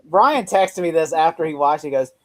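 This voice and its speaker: A man's voice: on the high side, animated, fairly quick, fairly bright tone, no room sound. A man co-hosting a casual podcast chat, laughing often and swearing while acting out lines from a scene. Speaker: podcast co-host.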